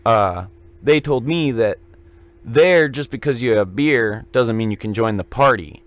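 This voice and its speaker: Man, podcast co-host, loose joking storyteller, mid pitch, dry close sound. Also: lively intonation, unhurried, no room sound. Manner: rambling, joking anecdotes. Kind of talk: casual storytelling.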